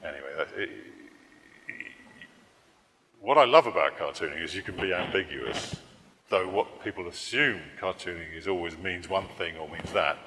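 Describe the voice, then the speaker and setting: Male political cartoonist at a public talk: deep, bright voice, rambling, dry wit, echoing hall. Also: a little hiss or hum. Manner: rambling, self-correcting, dry humor.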